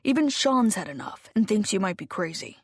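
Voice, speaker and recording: A woman's voice: mid-range voice, expressive, moderate pace, gravelly, no room sound, studio quality. A woman voicing a smug husband who talks in a mocking, dismissive way.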